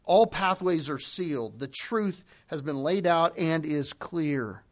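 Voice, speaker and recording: A man preaching a sermon, emphatic, slowing down to press home key phrases. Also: on the high side, lively intonation.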